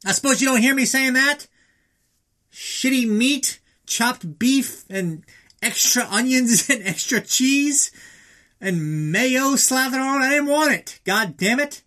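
A man voicing a panicked boxer with an upset stomach, whining in a shrill, raised voice. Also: expressive, slow pace, sharp tone, full character voice.

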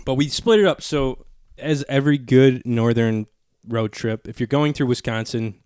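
A man chatting on a podcast in a laid-back, loose way, often laughing and swearing. His voice sits at an average pitch. The sound is dry and close, with no room echo. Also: moderate pace, a little mellow, clean tone. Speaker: podcast co-host. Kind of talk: casual chat.

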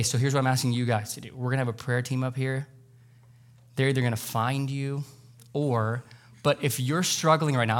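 Earnest man preaching a sermon. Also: mid-range voice. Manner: earnest, conversational preaching with sudden loud emotional peaks. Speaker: pastor. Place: church sanctuary.

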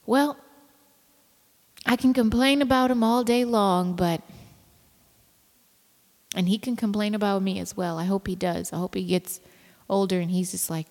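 A woman's voice: medium pitch, unhurried, pauses often, darkish tone. A tired woman in her thirties, chatting casually to camera as a mother, rambling, laughing often and dropping into whispers. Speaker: mother vlogging. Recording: long reverb of a room.

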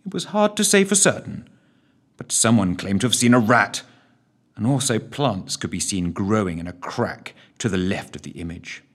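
A man narrating a story in an expressive, dramatic reading. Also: lowish voice, normal speed, husky.

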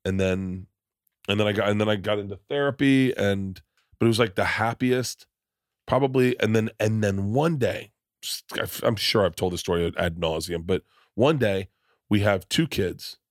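Male podcast host and comic, deep-ish voice, loose rambling anecdotes full of profanity, dead-dry mic. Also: moderate pace, no echo. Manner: rambling, restarts sentences, swears freely; acts out quoted people in his stories. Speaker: podcast host and stand-up comedian. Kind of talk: casual storytelling chat.

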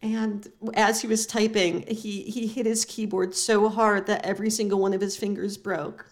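A woman co-hosts a comedy podcast in a dry, deadpan ramble, riffing on an absurd story. Her voice sits at a middling pitch. She talks casually, with loose restarts. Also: normal speed. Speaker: podcast co-host.

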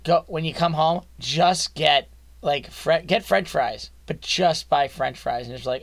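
Casting note: male podcast co-host, gravelly and sharp, jokey, dry close mic. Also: fairly high pitch, unhurried, no room sound. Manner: joking, acts out silly voices in his stories. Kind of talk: casual chat.

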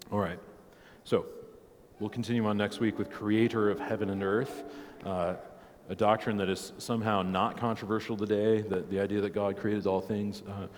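A man's voice: low-pitched, big-room sound, a little hiss or hum. A man in his thirties teaching a church catechism class in a casual, joking way, laughing often and peppering his talk with "like" and "right". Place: church hall.

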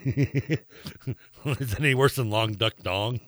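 A man's voice: mid-range voice, takes it slowly, pauses often, fairly bright tone, no room sound. Guy cohosting sports radio, rambles, laughs a lot, dry close mic. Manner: rambling, laughs often, trails off mid-sentence. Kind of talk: casual sports talk.

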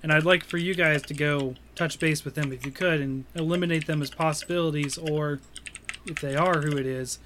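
A man voicing a tiny, proud, tireless female gnome investigator in a tabletop game, talking earnestly and a little haltingly. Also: low voice, fairly even intonation, a bit bright, a little hiss or hum. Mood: briefing. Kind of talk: tabletop role-play.

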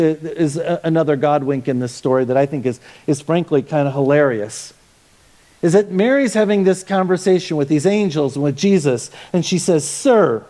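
A man with a fairly high voice delivers a sermon, reading scripture aloud and then unpacking it. His preaching is conversational and light-humored, and he slows down to lean on key phrases. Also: a little mellow. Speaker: pastor.

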